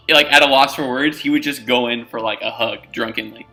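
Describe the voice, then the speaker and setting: A man's voice: mid-range voice, steady tone, a little fast, sharp tone, soft background music. A man casually describing his character's actions as a tabletop game player.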